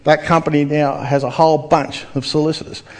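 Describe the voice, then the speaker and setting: Australian male seminar speaker, energetic storyteller. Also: fairly high pitch, fairly quick. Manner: energetic, storytelling, questions to audience. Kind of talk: motivational seminar talk.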